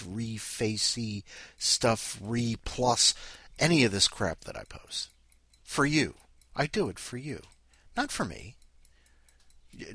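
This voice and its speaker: Male host, bright, animated, dry close mic. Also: mid-range voice, slightly rough, no room sound. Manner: playful, rambling, jokey. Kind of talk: casual podcast chat.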